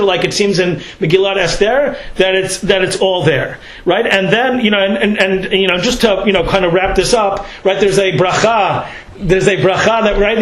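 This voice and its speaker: A man with a high voice teaches a Torah class in an informal, chatty way. He keeps tossing in "right?" and "you know" as he works through his points. The room gives his voice a roomy echo. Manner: conversational, peppers speech with "right?" and "you know". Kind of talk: Torah lecture.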